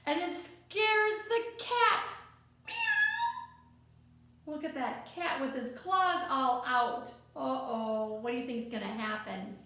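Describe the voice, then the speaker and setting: A woman reading a picture book aloud to children, gently coaxing and asking the listener questions as she goes. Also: sits high, unhurried, hardly any pauses. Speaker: storyteller. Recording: very echoey room.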